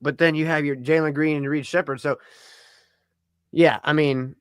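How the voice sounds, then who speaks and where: Slightly high with fairly even intonation, this man's clear, resonant voice comes through clean from the studio with no room sound, at a normal speed. As co-host of an easygoing sports stream, he thinks aloud over a trade simulator, mumbling and letting sentences fade.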